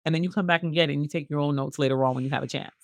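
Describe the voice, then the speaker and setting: A woman guest on a podcast, telling lively stories and acting out other people's lines in casual chat. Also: low-pitched, rapid-fire, no room sound. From United States. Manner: animated storyteller, acts out quoted voices. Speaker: podcast guest, fitness business owner. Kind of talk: casual storytelling interview.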